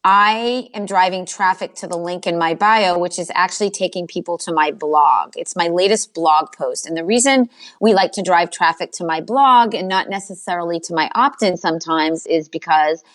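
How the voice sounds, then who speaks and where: A woman with a Boston accent, a guest on a podcast interview, talking fast and self-assured as an Instagram coach. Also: on the low side, fairly bright tone. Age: older.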